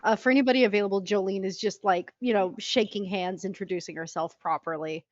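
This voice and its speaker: A woman's voice: mid-range voice, fairly even intonation, fast, no room sound. Chatty woman describing her character. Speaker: player. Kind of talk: playing a tabletop game. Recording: dry, dull lo-fi sound.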